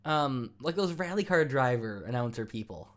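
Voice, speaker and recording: A man's voice: mid-range voice, expressive, normal speed. Laughing, rambling male stream host. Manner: rambling and self-interrupting, laughs often, teasing. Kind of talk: casual chat with live chat viewers.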